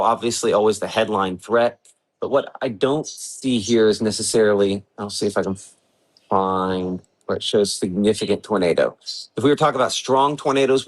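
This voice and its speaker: A man with a lowish voice hosts a live severe weather briefing from home in the early morning, captured on a low-quality recording. As a weather forecaster running a livestream, he talks casually and thinks aloud with fillers while working the maps.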